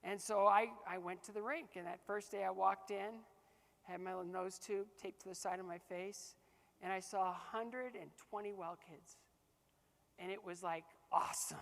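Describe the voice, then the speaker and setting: Animated man telling stories in a hall. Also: sits high, normal speed, vocal fry. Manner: animated, acts out dialogue, laughs often. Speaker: motivational speaker. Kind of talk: keynote storytelling to a live audience.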